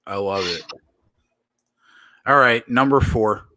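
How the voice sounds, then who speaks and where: Teasing man with a bright, dry voice. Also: medium pitch, lively intonation, normal speed, dry recording. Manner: teasing, profane banter. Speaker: podcast co-host. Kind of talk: casual chat.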